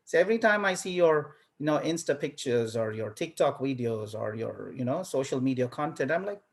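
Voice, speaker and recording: A man's voice: medium pitch, animated, fairly quick, few pauses. A man teaching a university class in a casual lecture style, telling stories animatedly and acting out his own reactions, often repeating words as he starts a thought. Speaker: university professor.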